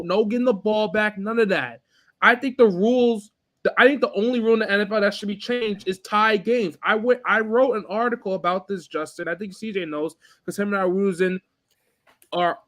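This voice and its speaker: A man's voice: high voice, fairly bright tone. A young man co-hosting a sports podcast, ranting in casual chat with many restarts. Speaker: podcast co-host.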